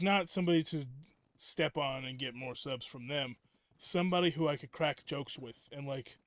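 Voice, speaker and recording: Young male streamer, slightly high voice, rambling filler-heavy chat, dry close sound. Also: no echo. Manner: rambling, filler-heavy, self-interrupting storytelling. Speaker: game streamer. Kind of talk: casual live-stream chat.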